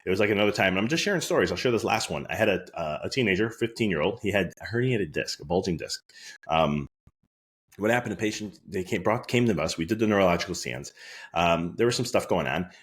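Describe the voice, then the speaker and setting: Quick, low-voiced male podcast host and chiropractor; anecdotal, earnest storyteller. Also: expressive, slightly rough. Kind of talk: casual podcast monologue.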